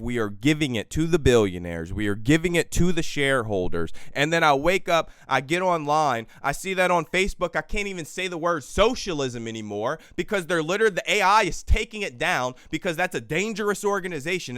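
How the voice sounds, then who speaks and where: A man hosting a political livestream, tired and exhausted, swinging between quiet weary stretches and loud profane outbursts into a close microphone. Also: fairly high pitch, expressive, brisk, few pauses, clean tone, no room sound. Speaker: livestream host. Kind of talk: impassioned political livestream rant.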